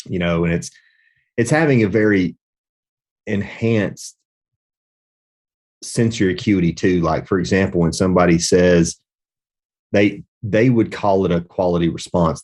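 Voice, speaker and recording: Middle-aged male podcast host, very low voice, rambling reflective storyteller. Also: a little mellow. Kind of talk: casual podcast conversation.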